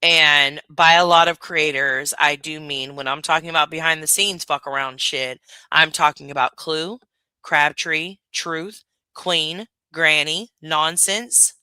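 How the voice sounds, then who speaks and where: Woman, reaction commentary host, blunt and profane, bright edgy voice, dry close sound. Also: low-pitched, unhurried, clear, resonant tone, no echo. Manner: blunt, profane, laughing, animated.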